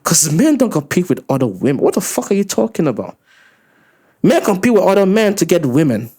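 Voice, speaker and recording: Ranting, profane male commentator with animated pitch. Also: brisk. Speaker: commentary channel host. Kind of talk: reaction commentary.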